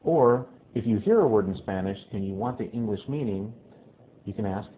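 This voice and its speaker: A man's voice: on the low side, lively intonation. Man teaching Spanish over tinny audio. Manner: says "okay?" often, repeats phrases slowly. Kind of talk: casual video lesson. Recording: tinny phone-like lo-fi audio with faint hiss.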